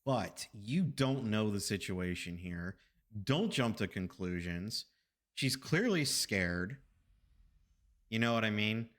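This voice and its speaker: A man's voice: lowish voice, lively intonation, slow, a bit bright. A man streaming games, telling a story casually with rambling, profane asides to his chat.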